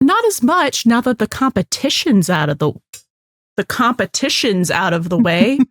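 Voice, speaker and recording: Animated woman recapping a show. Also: on the high side, normal speed. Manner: animated, acts out lines in quoted voices, swears freely. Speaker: podcast co-host. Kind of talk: casual chat recapping a TV episode.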